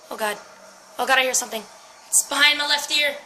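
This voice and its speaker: A young woman with a high, bright, forceful voice talks fast but pauses often while playing a horror game at home for her gaming channel. Terrified and jittery, she swears, screams, and talks to her viewers and her dog. There's a little hiss or hum on the low-quality recording.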